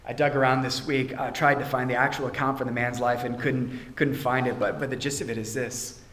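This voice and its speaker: A man's voice: medium pitch, flat delivery, brisk, slight background noise. Man preaching a sermon in an echoing church. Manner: earnest preaching, drops to a quiet intense tone on key points. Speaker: pastor. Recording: roomy church echo.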